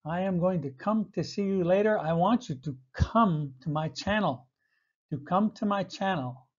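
A man teaching basic English verbs, repeating each word slowly and clearly with light chuckles. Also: high voice. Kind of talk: slow vocabulary lesson for learners. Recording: dull lo-fi audio.

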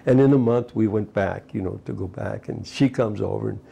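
An elderly man in his eighties tells his life story for an oral history interview, wandering from memory to memory. His voice sits low and gravelly with a dark, husky tone. He keeps dropping in little "you know" asides as he goes. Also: brisk, dull audio. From United States. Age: 80s. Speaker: retired fisherman recounting his life.

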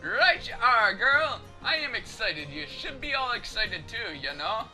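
A man voicing a brash, excitable older boat captain in a video game, in a loud, boisterous way. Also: high voice, measured pace, music in the background, low-quality recording.

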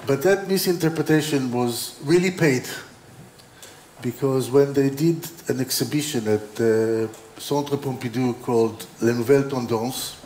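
A man's voice: mid-range voice, unhurried, darkish tone, a little hiss or hum. Man telling anecdotes in a roomy hall. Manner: rambling, full of restarts and dry humor. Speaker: designer giving an opening talk. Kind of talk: informal lecture with anecdotes. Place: exhibition hall. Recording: roomy hall with faint ambience.

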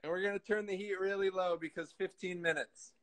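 A man's voice: high voice, fairly even intonation, fairly quick, rough recording. A man cooking on a live video call, chatting casually and joking about himself. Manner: joking, self-mocking, loud when leaning in. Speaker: guest cook.

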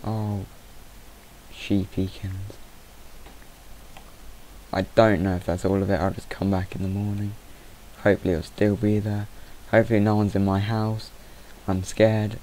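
A man's voice: lowish voice, little pitch movement, a little fast, mellow, a little hiss or hum, low-quality recording. A young man giving rambling let's play commentary, easily startled and chatting to the animals in the game. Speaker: gamer. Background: mouse clicking.

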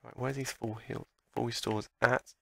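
A man giving gameplay commentary, excitable and talking back at the game as he plays. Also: mid-range voice, normal speed, vocal fry, no room sound. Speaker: let's play commentator.

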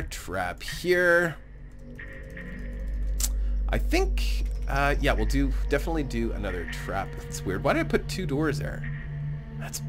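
A man giving casual, rambling gameplay commentary as a let's play host, often laughing to himself. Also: mid-range voice. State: recovering from a cold.

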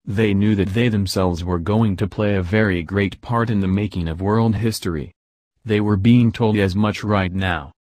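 A man narrating a historical account, reading in a plain, steady way. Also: on the low side, no room sound, clean studio sound. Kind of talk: read-aloud narration.

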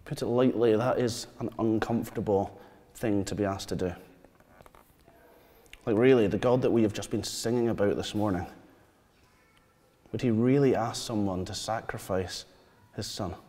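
A man, preaching a sermon. He tells stories and asks the congregation questions, dropping to quiet asides. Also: on the low side, moderate pace, long pauses. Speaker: pastor. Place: church hall. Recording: long church reverb.

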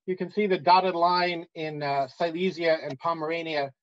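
A man giving an academic conference talk, measured and pausing often with "uh.". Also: fairly high pitch, steady tone, highs cut off. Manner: measured, with frequent "uh" pauses. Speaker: academic lecturer.

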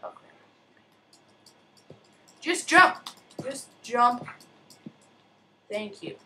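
A young woman's bright, slightly high voice rambles through casual gameplay commentary. She talks at a slow, unhurried pace, yelps and mutters mild curses, and hums sing-song to herself. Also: faint music behind. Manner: excitable, chatty, mild cursing, sing-song humming. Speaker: gamer.

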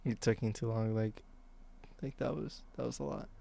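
A young man streaming live, reacting out loud in a slangy, excitable way. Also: lowish voice, normal speed, gravelly, faint music behind.

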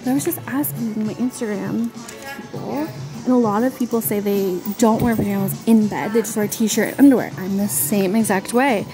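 A woman's voice: mid-range voice, a little fast, music in the background, rough recording. A young woman chatting casually to camera as a lifestyle vlogger, bubbly and chatty with lots of fillers. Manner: bubbly, chatty, full of "like" and "so cute".

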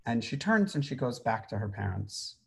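A middle-aged man teaches as a rabbi, telling an old story in a loose, conversational way. His voice sits in a mid range, and he often restarts phrases and fills pauses with ums. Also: medium pitch, very animated, vocal fry. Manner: conversational, many fillers and restarts. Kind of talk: informal Torah teaching.

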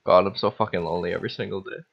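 A man's voice: sits low, steady tone, rapid-fire, gravelly, slight background noise. Tipsy young man rambling over gameplay. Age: young adult. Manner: rambling, self-mocking, swearing. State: tipsy from wine. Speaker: host. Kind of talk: casual Minecraft let's-play chatter. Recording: dull lo-fi recording.

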